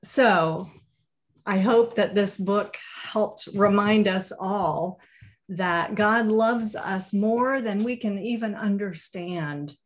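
A woman pastor reads a children's book aloud as part of her sermon. Her storytelling is gentle and expressive. She takes it at an unhurried, deliberate pace. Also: medium pitch.

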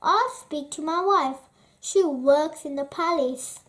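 A woman doing a croaking, chatty crow. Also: high voice, takes it slowly. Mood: croaky friendly. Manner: croaking, caws between words. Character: curious talking male crow, chatty and kindly. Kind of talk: storybook read-aloud.

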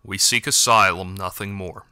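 A man's voice: sits low, fairly even intonation, normal speed, sharp tone, clear, resonant tone, dry recording, clean studio sound. A man voicing a defiant, blunt young albino cat fighter.

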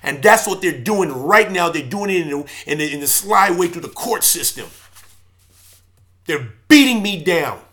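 A church elder speaking in an emotional, preaching personal video monologue. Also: male voice, on the high side, expressive, moderate pace. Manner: impassioned, preaching tone, swings from loud to subdued.

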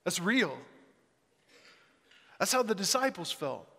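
Emphatic pastor in a reverberant hall. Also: male voice, high-pitched, sing-song, slow pace, creaky. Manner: swings from hushed reflection to loud emphatic delivery. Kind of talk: sermon. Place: large church hall.

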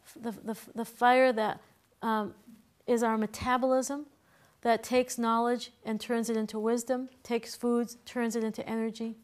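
Teacher, female, chatty and quick to laugh, fairly high voice, classroom feel. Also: level tone. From Boston, USA. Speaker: herbalism teacher. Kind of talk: casual classroom lecture.

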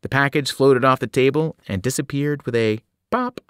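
A man, a teacher, narrating a novel aloud in an expressive storytelling manner. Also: mid-range voice, moderate pace, clear, resonant tone, dry recording, studio quality. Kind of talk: audiobook narration.

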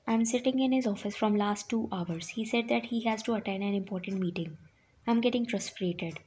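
A woman's voice: mid-range voice, fairly quick, a little mellow, breathy edge. Young woman narrating a fan story. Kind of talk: first-person fan fiction narration.

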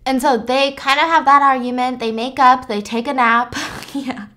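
A woman's voice: sits high, steady tone, a little slow, bright, forceful tone. A young woman hosting a podcast, casually retelling a movie in a chatty way, laughing often and acting out the characters' lines. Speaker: podcast host recapping a movie. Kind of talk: casual storytelling chat.

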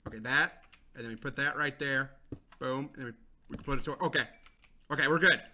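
A young man giving excitable let's-play commentary, talking to viewers, repeating himself and yelling when things go wrong. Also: medium pitch, a little fast, a little hiss or hum. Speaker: gaming channel host.

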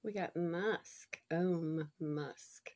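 A woman, chatting casually and gushing excitedly as she unboxes a gift, laughing often. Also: lowish voice, drawn-out words, noisy background. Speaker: unboxing vlogger.

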